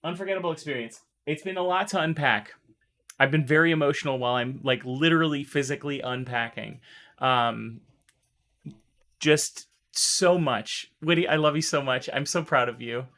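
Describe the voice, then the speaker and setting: A fairly high-voiced man talks casually to his live-stream audience, gushing and emotional. He rambles and restarts his sentences often, and his voice still sounds strained as it recovers. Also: moderate pace, a bit bright.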